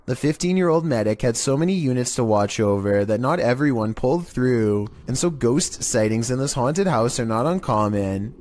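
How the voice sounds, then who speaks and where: Monotone man narrating scary clips. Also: medium pitch, slight background noise. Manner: monotone, even delivery. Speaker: narrator of a scary video countdown. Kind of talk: scripted narration.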